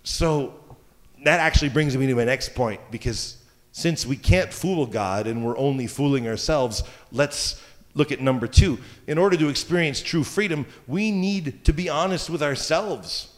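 A man's voice: medium pitch, expressive, normal speed. A man preaching a sermon as pastor, talking in a conversational way with joking asides. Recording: long hall reverb.

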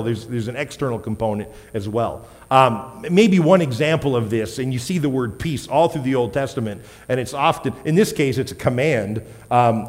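A man's voice: medium pitch, darkish tone. A man preaching a sermon in a casual, conversational way, asking the congregation questions and correcting himself with light laughs. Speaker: pastor. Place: church hall. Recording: long hall reverb.

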